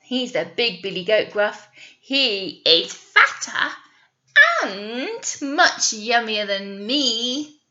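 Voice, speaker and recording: A woman's voice: fairly high pitch, animated, very slow, pushed and bright, exaggerated voice. A woman doing a pleading middle-sized billy goat. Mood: persuasive. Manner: pleading and persuasive. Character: bony middle-sized male billy goat, quick-witted. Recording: dull lo-fi recording.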